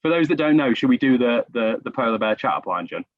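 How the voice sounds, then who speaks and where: A man's voice: medium pitch, animated, quick pace, no echo. A man telling stories in a casual podcast chat, self-deprecating and chatty. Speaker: podcast guest. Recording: dull lo-fi recording.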